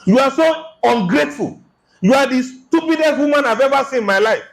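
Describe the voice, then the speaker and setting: A man acting out an angry husband who scolds his complaining wife, voice pushed high and loud as he lists everything he has done. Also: expressive, fairly quick, vocal fry, heavily acted. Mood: indignant. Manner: loud, indignant, listing his deeds.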